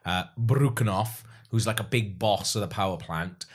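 Chatty Welsh man, lowish voice. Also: normal speed. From Wales. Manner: chatty, rambling with fillers and asides. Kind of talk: casual chat.

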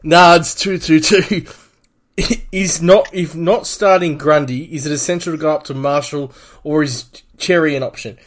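A man's voice: a little high, fairly even intonation, moderate pace. A man with an Australian accent co-hosting a podcast, swearing freely and laughing easily in casual banter. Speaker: podcast co-host.

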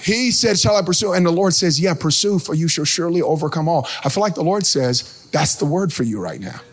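A man preaching a sermon as pastor, animated, breaking into sing-song shouts and calling out to the congregation. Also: on the high side, brisk. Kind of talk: energetic sermon.

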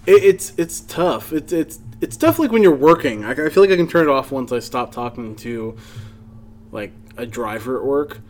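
A man's voice: medium pitch, expressive, normal speed, a little mellow. A man hosting a podcast in a comedy club, chatting casually, laughing easily and swearing along with his guest. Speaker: podcast host. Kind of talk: casual chat.

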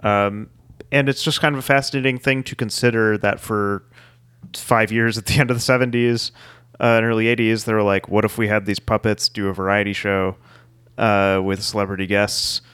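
Smooth-voiced man, wry co-host. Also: fairly low pitch, moderate pace, no room sound. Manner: wry, deadpan asides. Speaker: podcast co-host. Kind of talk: casual podcast chat.

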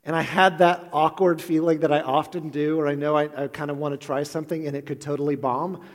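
A male pastor in his thirties preaches in an earnest, storytelling way, now and then poking gentle fun at himself. His voice sits a little high for a man. A long reverb hangs on it from the church sanctuary. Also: little pitch movement, fairly quick, slight background noise. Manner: earnest storytelling with gentle self-deprecating humor. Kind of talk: sermon.

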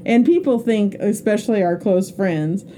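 A woman's voice: medium pitch, animated, normal speed, mellow, slight background noise. A middle-aged woman co-hosting a podcast, chatting casually and laughing at herself. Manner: chatty, laughing, self-mocking. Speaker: podcast co-host.

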